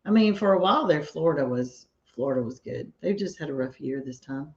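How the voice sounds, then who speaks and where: A woman co-hosting a homestead live stream, chatting in a relaxed, teasing way and giggling often. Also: sits low, a little fast. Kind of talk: casual chat. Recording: dull lo-fi live stream audio.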